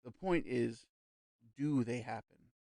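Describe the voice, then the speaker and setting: Audiobook: man voicing a calm, smooth male medium, slow and reassuring, mid-pitched, dry close read. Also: no room sound, lightly acted. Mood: persuasive. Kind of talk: audiobook character reading.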